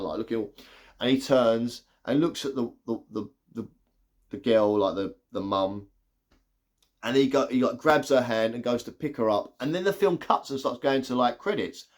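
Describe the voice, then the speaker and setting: A man giving a casual, excitable spoiler review of a movie, retelling scenes with lots of "like". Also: mid-range voice. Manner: chatty, excitable retelling full of "like".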